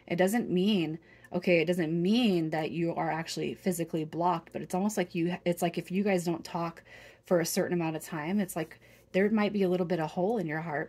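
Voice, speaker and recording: Husky, emotional tarot-reading woman. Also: lowish voice, darkish tone. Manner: earnest, emotional, rambling with many restarts. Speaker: tarot reader. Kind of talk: spoken tarot reading to viewers.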